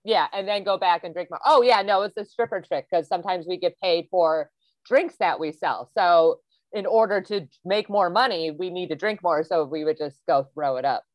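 A woman's voice: on the low side, normal speed, dry recording. A woman in casual podcast talk, speaking bluntly and candidly. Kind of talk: casual chat.

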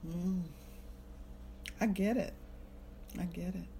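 A woman's voice: fairly low pitch, fairly even intonation, slow, vocal fry, warm tone, slight background noise. A woman in casual conversation, responding in a sympathetic, reflective way. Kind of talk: casual chat.

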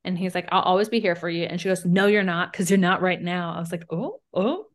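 A woman co-hosting a casual recap podcast, with a slightly low voice. She talks fast and loose, fills everything with "like", and keeps acting out quotes. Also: level tone. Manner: chatty, lots of "like", acts out quotes. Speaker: podcast co-host.

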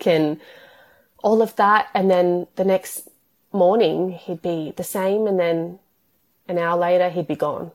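A woman's voice: lowish voice, steady tone, a little slow. A woman, telling her story as an interview guest in long, tumbling run-on sentences full of "like". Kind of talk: emotional personal interview.

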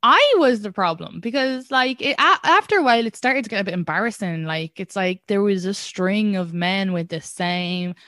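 A young Irish woman, a comedian guest, telling stories in a casual podcast chat with lively restarts. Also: mid-range voice, normal speed, hardly any pauses, no echo, studio quality. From Ireland. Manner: animated storytelling with frequent restarts and laughs.

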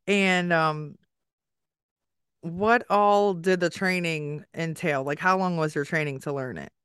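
A woman hosts a podcast interview in a smooth, clear voice that sounds dry and close. She is chatty and enthusiastic, quick to react to what her guest says. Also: fairly low pitch, fairly bright tone, no room sound. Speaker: podcast host.

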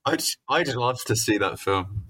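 A man's voice: on the low side, animated, a little slow, fairly bright tone, husky, no room sound. A man co-hosting a comedy podcast, irreverent and rambling, swearing with lots of fillers. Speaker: podcast co-host. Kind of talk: casual comedic chat.

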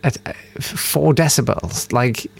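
Animated man, jokey host. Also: medium pitch, takes it slowly, gravelly, breathy edge. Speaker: podcast host. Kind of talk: casual chat.

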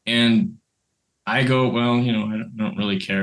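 Bright-voiced man telling a story. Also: on the low side, moderate pace. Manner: rambling anecdote with restarts and laughter. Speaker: podcast co-host and creator. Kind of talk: casual storytelling chat.

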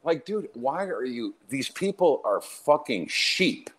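A man's voice: mid-range voice, sing-song, takes it slowly, fairly bright tone. A man hosting a podcast, ranting in a brash, mocking way and laughing often in casual, profane chat. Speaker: podcast host.

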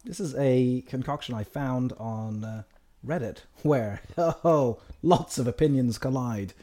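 A man's voice: mid-range voice, measured pace, dark tone. A man hosting a casual chat, talking in a loose, chatty way with frequent laughs and hedging asides.

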